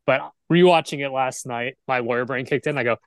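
A man talking on a film podcast, animated and opinionated, making his case like a lawyer. His voice sits at a middle pitch. The room sounds dry and close, with almost no echo. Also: brisk, clear, resonant tone. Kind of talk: casual podcast chat.

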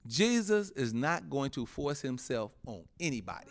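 A man preaching as a pastor, animated and laughing often, with frequent amens. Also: mid-range voice, moderate pace, a little hiss or hum. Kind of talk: sermon.

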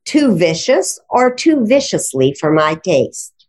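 In a conversational interview, a female guest who teaches writing and grammar explains the rules with enthusiasm, laughing often. Her voice is lowish and darkish in tone, very animated yet unhurried.

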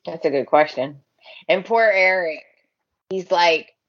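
A woman's voice: on the low side, measured pace, dull audio. A woman co-hosting a podcast, chatting casually, laughing often and quoting characters. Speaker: podcast co-host. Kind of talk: casual recap chat.

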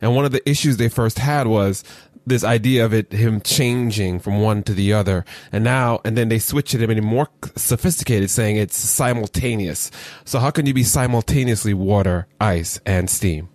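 Low-voiced male podcast co-host. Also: moderate pace, a little mellow, no room sound. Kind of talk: casual theological discussion.

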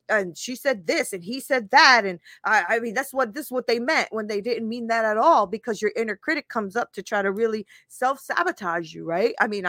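A bright-toned woman speaking live as a motivational coach, in a dry, close sound. She is candid and casual, drops in the odd swear word and laughs as she talks. Her pitch sits a little above the usual. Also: no echo. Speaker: life coach and show host.

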